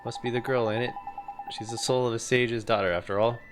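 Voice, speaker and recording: A man's voice: mid-range voice, steady tone, fairly quick, lightly acted. A man reading as a cheeky boastful fairy sidekick. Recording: game music playing behind.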